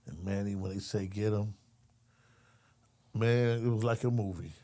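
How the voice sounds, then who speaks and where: Here a lowish, brisk, mellow voice belongs to a middle-aged ex-correctional officer. He tells a lively story in casual conversation, streetwise and full of profanity, acting out the people involved and repeatedly addressing his listener by name.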